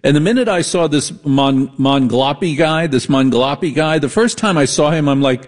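A man's voice: a little high, normal speed, hardly any pauses. A man from the Northeastern United States hosting a late-night radio call-in show, brash, sarcastic and combative. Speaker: radio talk show host.

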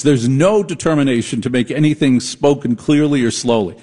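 A man hosting a talk radio show delivers a comedic monologue in an expressive, mid-range voice with a darkish tone. He riffs and mocks as he goes, switching into quick impressions.

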